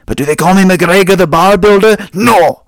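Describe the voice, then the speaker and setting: A man voicing a bitter old Scottish man in a pub, ranting loudly and indignantly. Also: high voice, normal speed, no room sound, voice pushed up.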